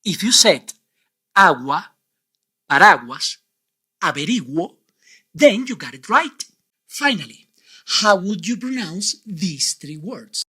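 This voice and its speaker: In an online lesson, a man teaches Spanish pronunciation with clear, deliberate delivery, frequently quizzing the viewer. His voice is high-pitched and sharp in tone, with big pitch swings.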